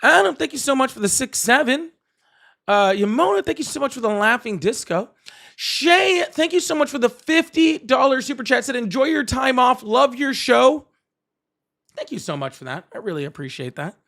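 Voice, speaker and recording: A man hosting a live call-in political stream, animated, laughing often and thanking viewers. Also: very high voice, normal speed, creaky. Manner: apologetic, excitable. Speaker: livestream host.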